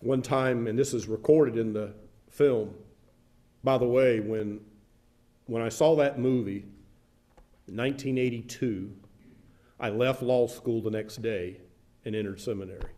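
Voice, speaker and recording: Mellow-voiced older male pastor preaching. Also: mid-range voice, fairly even intonation, measured pace, long pauses. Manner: earnest, building emphasis through repetition. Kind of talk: sermon. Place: church sanctuary.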